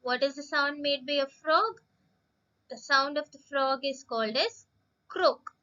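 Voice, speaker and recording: A woman teacher giving a recorded lesson to young children, speaking slowly and patiently, repeating words and often addressing the children. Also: high-pitched, fairly even intonation, bright, forceful tone, lo-fi sound.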